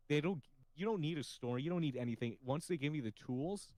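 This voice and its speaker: A man's voice: on the high side, fairly quick, darkish tone, dry recording, low-quality recording. A man hosting a casual podcast chat, with a slightly nasal voice, who talks freely, swears casually and laughs often. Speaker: podcast host.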